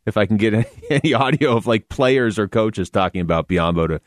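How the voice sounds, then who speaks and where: A man's voice: lowish voice, a little fast, no room sound. A man co-hosting a sports radio show, chatting casually with dry humor.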